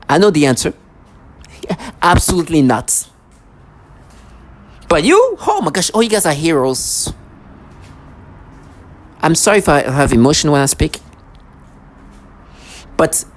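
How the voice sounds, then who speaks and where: A vlogger ranting to camera in an agitated, accusatory way, full of sarcasm and stammered restarts. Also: mid-range voice.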